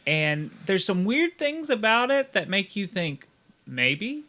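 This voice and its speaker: Podcast co-host, male, bright and slightly high, loose rambling delivery. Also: big pitch swings, slow. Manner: rambling, stops and restarts, laughs at his own points. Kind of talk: casual group podcast chat.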